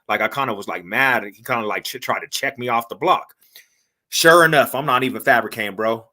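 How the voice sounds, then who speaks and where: A man talks as a podcast guest, spinning a story with a bright, forceful edge to his voice. He is animated and slangy, swears freely, and acts out what people said. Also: mid-range voice, brisk. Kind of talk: casual storytelling.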